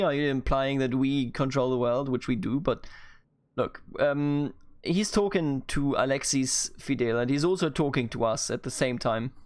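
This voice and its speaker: A man's voice: mid-range voice, no room sound. A man from Bavaria with a German accent, chatting and thinking aloud as he plays a strategy game. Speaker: gaming YouTuber. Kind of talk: let's play commentary.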